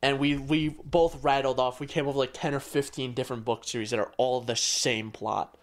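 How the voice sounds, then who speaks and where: A man's voice: mid-range voice, fairly even intonation, brisk. A man co-hosting a podcast in casual chat, ranting with dry exasperation and casual swearing. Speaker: podcast co-host.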